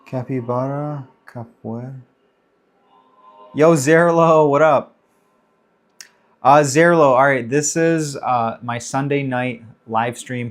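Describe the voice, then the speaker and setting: A man in his thirties hosting a casual livestream Q&A, chatting loosely and greeting viewers by name as he reads the chat. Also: medium pitch. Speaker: livestream host.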